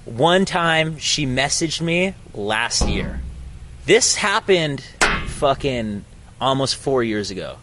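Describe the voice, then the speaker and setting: A man's voice: mid-range voice, very animated, slow pace, pushed and bright. Young guy rambling a story outside on campus, swears a lot, dude bro every line, faint outdoor hum. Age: young adult. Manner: slangy, profane, says "dude" and "bro" a lot. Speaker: podcast host. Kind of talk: casual storytelling chat.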